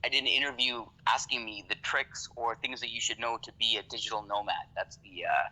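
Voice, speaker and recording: A man's voice: medium pitch, steady tone, fairly quick, pushed and bright, low-quality recording. A man from Canada, a podcast guest talking casually, swearing freely and often checking "you know what I mean". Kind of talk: casual conversation.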